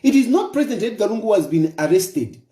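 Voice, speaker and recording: A man with a Zambian accent gives an emphatic political opinion monologue, repeating his points and firing off rhetorical questions. His voice is high, very animated and warm, with a quick pace and roomy sound.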